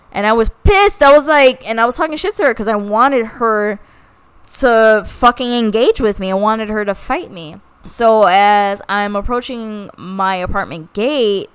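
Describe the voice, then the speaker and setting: A woman's voice: medium pitch, clear, resonant tone. A young woman co-hosting a podcast, telling a story in casual, profane chat and acting out the voices of the people in it. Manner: profane, animated, acts out quoted voices. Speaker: podcast co-host.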